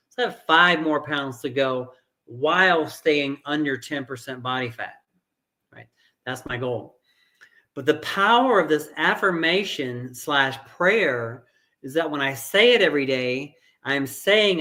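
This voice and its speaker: A man's voice: a little high, animated, measured pace, pushed and bright. A middle-aged man giving an earnest motivational fitness talk as a coach, repeating phrases for emphasis.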